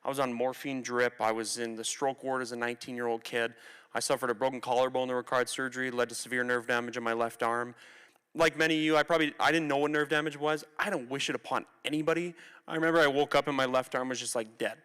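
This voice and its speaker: A young man from Canada tells his story to students from a theatre stage, candid and conversational, sometimes slipping into the voices of the people he quotes. His voice is bright and crisp. A long hall reverb trails behind every phrase. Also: medium pitch, steady tone, fast talker. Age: 20s. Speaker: motivational speaker. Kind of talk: personal story talk to students.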